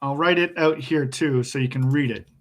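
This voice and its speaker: A male English teacher giving an online class, explaining slowly and patiently and chuckling often. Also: mid-range voice, slight background noise.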